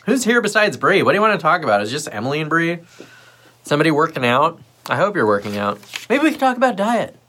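A man's voice: a little high, fast. Rambling, chatty man on a livestream. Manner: loose, rambling, many fillers and asides; puts on lively voices when quoting others. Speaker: livestream host. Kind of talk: casual rambling livestream chat.

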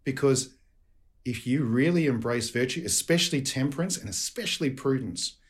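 An earnest Australian priest talks to his listeners as friends, in a mid-pitched man's voice. He moves between relaxed chat and a steady, prayerful tone. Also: moderate pace. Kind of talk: podcast guest chat and closing prayer.

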